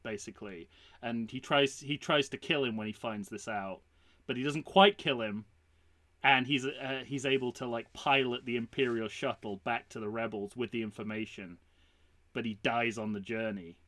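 A man co-hosting a casual podcast, telling a story pitch with animated energy and acting out the lines. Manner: animated storyteller, acts out quotes. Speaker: podcast co-host.

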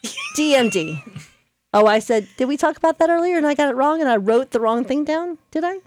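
A woman hosting a casual radio chat, talkative and quick to correct herself and laugh. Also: sits high, huge pitch swings, no room sound. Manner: chatty, self-correcting, laughs easily. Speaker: radio show host.

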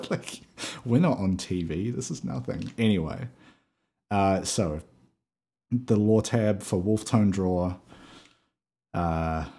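A man's voice: deep voice, lively intonation, slow, vocal fry, pauses often, breathy edge. A man co-hosting a podcast over a video call, chatting casually, swearing freely and laughing often. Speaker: podcast co-host.

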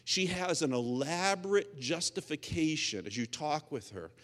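A male pastor delivers a sermon in a conversational manner, quizzing his listeners and acting out little scenes. His voice sits a touch high and rings bright and sharp. A long reverb trails off through the large hall. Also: sing-song, normal speed. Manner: conversational, quizzes the audience, acts out stories.

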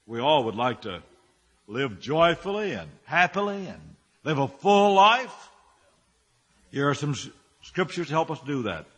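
A man's voice: fairly high pitch, big pitch swings, a little slow, a bit bright, husky, long reverb tail. A male pastor preaching a sermon, firing rhetorical questions and building his phrases up with emphasis.

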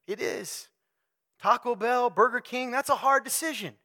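Bright-voiced man preaching casually. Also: very high voice, moderate pace. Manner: animated, jokey, direct address to audience. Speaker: speaker at a men's talk. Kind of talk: conversational sermon.

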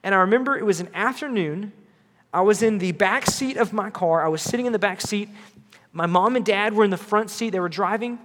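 A man's voice: high-pitched, fairly quick, long reverb tail. A young man giving an earnest, conversational youth sermon in a church, talking straight to middle schoolers. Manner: earnest, conversational, builds to shouting. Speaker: youth pastor.

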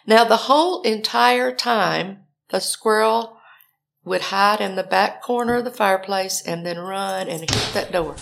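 An older woman tells a story, her voice carrying a gravelly edge. She talks animatedly and acts out her own frantic calls for help. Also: mid-range voice, moderate pace. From Alabama, US. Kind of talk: personal storytelling.

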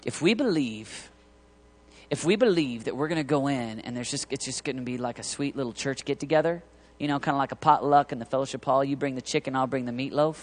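A man preaching a sermon to a ministry team, impassioned and rising to near-shouting peaks, acting out quoted voices. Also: medium pitch. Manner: acts out quoted voices and awkward pauses. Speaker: pastor leading a ministry tour team.

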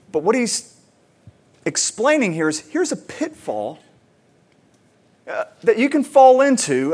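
A man in his thirties, a pastor and parent, preaching a conversational sermon with fillers and lively retellings. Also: a little high.

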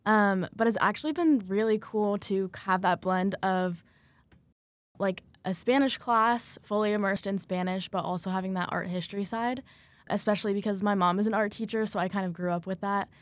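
A woman's voice: mid-range voice, normal speed, no echo. A young woman, a student taking art history in Spanish, talking casually on a student panel and thinking aloud with many fillers.

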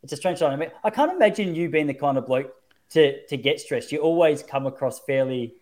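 A man's voice: a little high, lively intonation, brisk, darkish tone. A man, hosting a casual chat and telling self-mocking stories. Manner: chatty storyteller, self-mocking.

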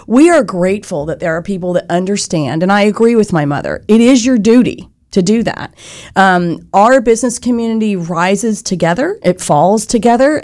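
A woman's voice: medium pitch, a little mellow. A woman leading a chamber of commerce, speaking earnestly and articulately in an interview conversation. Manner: earnest, articulate, explains with examples.

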